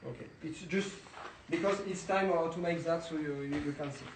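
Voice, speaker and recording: A young man from France, speaking English with a French accent, gives a halting tour full of fillers as a winemaker outdoors. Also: fairly high pitch, background noise. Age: young adult. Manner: halting, many filler sounds and restarts. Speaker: winemaker giving a vineyard tour. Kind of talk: casual guided talk. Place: outdoors in a vineyard.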